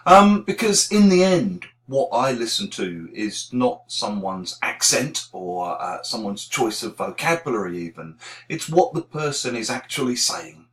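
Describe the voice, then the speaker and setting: Brief: English teacher trainer, regional accent, candid and self-deprecating, mid-pitched man. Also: big pitch swings, measured pace. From England. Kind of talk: reflective talk to camera.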